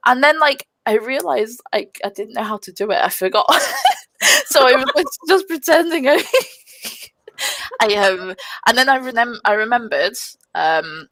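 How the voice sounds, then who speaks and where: A young woman telling a gaming story on a podcast, animated and swearing freely, with lots of fillers. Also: on the high side, measured pace, dry recording. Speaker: podcast guest, gamer. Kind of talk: casual storytelling.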